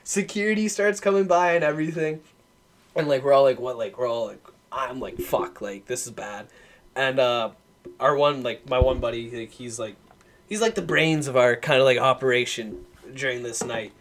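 A man's voice: mid-range voice, normal speed, fairly bright tone. A young man, a podcast guest, telling a rambling story in casual chat, full of fillers and swearing. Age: young adult. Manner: rambling, filler-heavy, profane.

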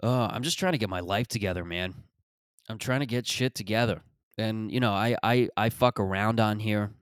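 A man's voice: fairly low pitch, normal speed, clear, resonant tone, no room sound, studio quality. A man from Mississauga, Canada, hosting a podcast and rambling through a sarcastic, profane comic monologue full of restarts. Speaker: podcast host.

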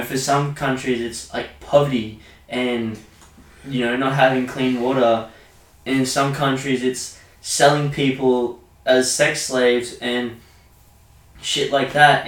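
A man's voice: mid-range voice, slow, distant mic. Sweary young Australian man, off-mic. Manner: crude, animated rants full of swearing. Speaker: podcast co-host. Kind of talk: casual podcast chat. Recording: echoey room, off-mic.

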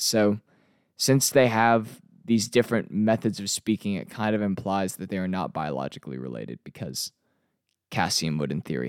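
A man hosting a casual TV episode review, chatty and relaxed with frequent fillers. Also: fairly low pitch, clear, resonant tone, dry recording, studio quality. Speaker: TV review host.

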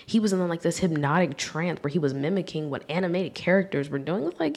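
A young woman talking candidly and reflectively on her own podcast as host, growing animated when she acts out scenes. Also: lowish voice, brisk, hardly any pauses. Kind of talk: solo podcast monologue.

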